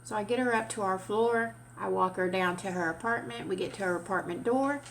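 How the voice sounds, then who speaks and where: A woman's voice: medium pitch, fairly quick, slight background noise. Chatty woman vlogger, swearing casually. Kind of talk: casual storytelling.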